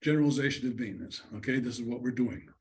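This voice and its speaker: Man presenting a lecture over a video call, conversational, slips into student and counselor voices, mid-pitched. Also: fast talker. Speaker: conference presenter.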